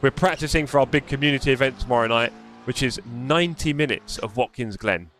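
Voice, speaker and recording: A man's voice: mid-range voice, fairly quick, a bit bright, a little hiss or hum. A man hosting a live sim racing stream, chatting casually, teasing and reading the chat aloud. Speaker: stream host.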